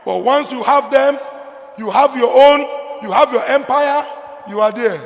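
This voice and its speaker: A man with a Nigerian accent preaching a sermon, swinging between loud emphatic declarations and quiet low asides. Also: measured pace, gravelly. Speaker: pastor. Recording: long hall reverb.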